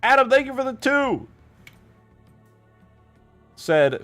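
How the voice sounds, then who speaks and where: A man live-streaming casual chat, excitable and foul-mouthed, yelling thanks to his chat and then mumbling asides. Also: extremely high pitch, extremely slow, pauses often, faint music behind. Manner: excitable, swears a lot, yells thanks to chat; swings between mumbling asides and loud outbursts. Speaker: livestreamer and game modder.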